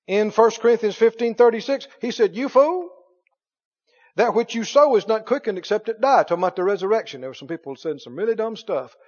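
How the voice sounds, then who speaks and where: A man preaching a sermon as pastor, reading scripture aloud with animated delivery. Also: sits high, fast, hardly any pauses. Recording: dull sound in a long-reverb hall.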